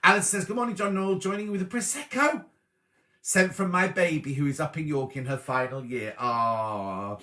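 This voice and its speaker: A middle-aged man with a bright, clear tone, talking a little higher than most men. He hosts a live sewing stream in a chatty, friendly way, reading viewer messages aloud and greeting each person by name. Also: normal speed. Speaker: host of a live sewing show.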